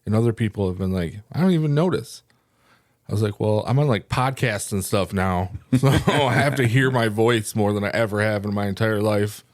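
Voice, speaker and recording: A man's voice: on the low side, brisk, hardly any pauses, no room sound. Man with a slight lisp, dry sound. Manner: upbeat, laughs often. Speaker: podcast co-host. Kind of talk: casual chat.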